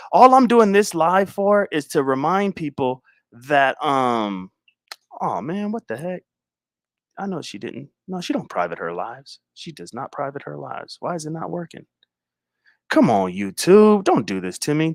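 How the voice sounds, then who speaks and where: A man's voice: on the high side, no echo, clean studio sound. A man hosting a casual livestream, talking in a laid-back, slangy, rambling way with chuckles. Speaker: livestream host.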